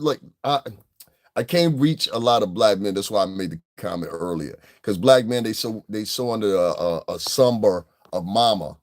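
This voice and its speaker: A middle-aged man giving casual, profane reaction commentary in a mocking, animated way. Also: medium pitch, moderate pace. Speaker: commentary vlogger.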